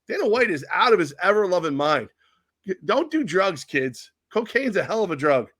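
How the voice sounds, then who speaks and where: A man's voice: high voice, normal speed, no room sound, clean studio sound. A man co-hosting a casual sports podcast, telling rambling stories full of acted-out quotes and cursing. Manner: animated storyteller acting out quoted people, swears freely. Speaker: podcast co-host.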